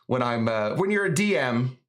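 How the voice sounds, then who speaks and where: A man's voice: mid-range voice, expressive, normal speed, fairly bright tone. A man hosting a live cocktail stream, chatting in a rambling, jokey way full of fillers. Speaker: host of a live cocktail show.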